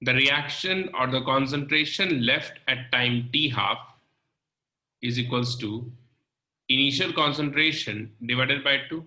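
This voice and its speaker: A male chemistry teacher gives a recorded lecture at a board, explaining slowly, step by step, and checking in often with "okay" and "right." His mid-range voice is very bright and sharp, and the recording has noticeable room echo.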